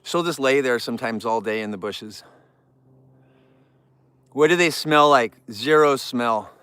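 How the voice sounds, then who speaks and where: A man hosting a casual live stream among bears, talking in a relaxed, rambling way and thanking viewers in chat. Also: unhurried, clear, resonant tone, dry recording. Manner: cooing baby talk to the bears, squealing high. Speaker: livestream host with bears.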